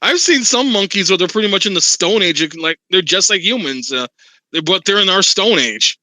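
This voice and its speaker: A man co-hosting a podcast, chatting casually and making quick rhetorical quips. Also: high-pitched, animated, pushed and bright, no room sound, rough recording. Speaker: podcast co-host. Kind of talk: casual chat.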